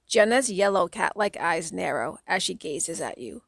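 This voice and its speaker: Lady reading a kids book aloud, gravelly voice, dry close sound. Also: on the low side, lively intonation, normal speed, dry recording. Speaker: audiobook reader. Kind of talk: audiobook narration.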